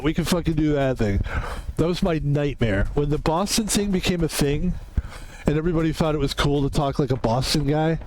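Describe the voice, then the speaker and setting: A man streams a game and talks his way through it, reacting out loud and swearing casually. His voice sits on the higher side for a man. A faint hiss runs under his voice. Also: a little fast. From Philadelphia, US East Coast. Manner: excitable, swears casually, talks to himself while playing. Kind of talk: live gameplay commentary.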